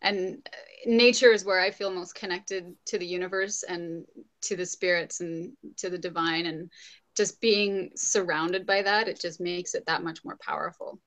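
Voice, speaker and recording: A woman's voice: on the low side, fairly even intonation, moderate pace. A young woman, a yoga teacher guest, talking casually and agreeably with many ums. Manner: agreeable, soft-spoken, many ums and yeahs. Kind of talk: casual interview chat.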